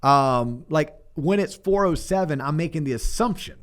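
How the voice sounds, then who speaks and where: A man's voice: a little high, animated, moderate pace. A middle-aged man hosting a podcast, chatting casually and acting out sample phone calls as he coaches small talk. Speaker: podcast host, mortgage coach. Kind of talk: casual chat.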